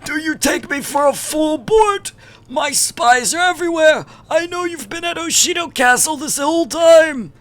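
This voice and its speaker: A man voicing a cold older tyrant king, booming and theatrical, reading game dialogue aloud. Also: lively intonation, moderate pace, fairly bright tone. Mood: imperious. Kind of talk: game dialogue read-along.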